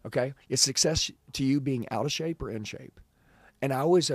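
A man's voice: mid-range voice, brisk, dry recording. A man in his forties, a sales trainer, giving an intense, emphatic motivational talk full of personal storytelling.

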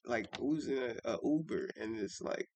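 A man co-hosting a podcast in casual chat, reflective and rambling with many halting restarts. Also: mid-range voice, a little mellow, slight background noise. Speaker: podcast co-host.

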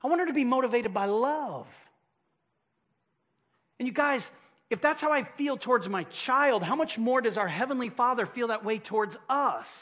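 Middle-aged male pastor with a high voice, preaching with emphatic repetition. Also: animated, normal speed, sharp tone. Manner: emphatic, repeats phrases for effect. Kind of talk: sermon.

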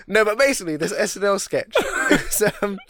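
A young man co-hosting a casual podcast, an animated storyteller who acts out voices and laughs often. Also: sits high, a little fast, a little hiss or hum. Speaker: podcast co-host. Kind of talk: casual chat.

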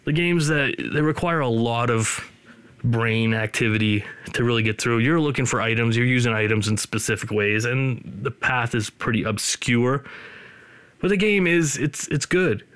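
A male podcast host in his studio, chatting casually, rambling, and joking at his co-host's expense. His voice sits at an ordinary middle pitch, and the sound is dry and close with no room echo. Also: normal speed, a bit bright, clean tone. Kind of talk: casual chat.

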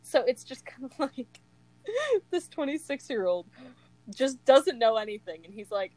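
A woman's voice: fairly high pitch, lively intonation, normal speed, dark tone, no echo, low-quality recording. A young woman chatting casually about a book she loves, gushing, laughing often and filling her talk with "like". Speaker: co-host of a book discussion. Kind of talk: casual chat.

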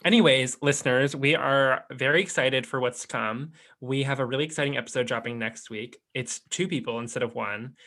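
A man's voice: mid-range voice, a little fast, hardly any pauses, sharp tone. A young man co-hosting a podcast over a video call, chatty and giggly with lots of fillers. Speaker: podcast co-host. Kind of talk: casual chat.

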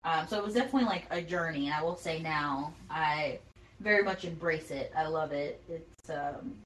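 A woman speaking as a guest in a casual conversation, reflective and pausing often with fillers. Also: low voice, low-quality recording.

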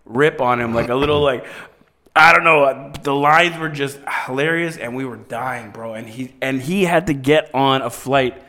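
A man's voice: mid-range voice, normal speed, bright, forceful tone. A young man rambling through a crude story on a casual podcast, full of restarts. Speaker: podcast co-host. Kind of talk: casual chat.

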